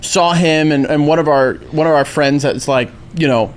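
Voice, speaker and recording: A man's voice: fairly high pitch, normal speed. A podcast co-host in casual chat, adding jokey comments and his own story.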